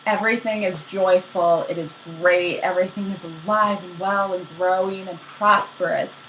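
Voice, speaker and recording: A young woman casually retelling myths as a podcast co-host, slangy and animated, acting out the characters. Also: lowish voice, moderate pace, slight background noise, low-quality recording.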